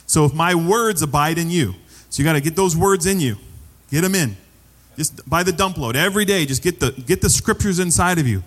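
A man's voice: fairly high pitch, a little fast, few pauses, a bit bright, in a large hall. A man preaching a sermon as pastor, conversational and repeating phrases for emphasis.

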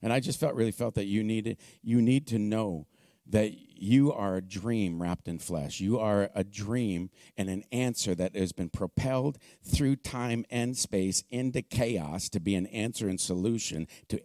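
A man preaching to a congregation, moving from joking, conversational asides to shouted, fervent proclamation. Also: on the low side, unhurried, hardly any pauses, no room sound. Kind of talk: sermon.

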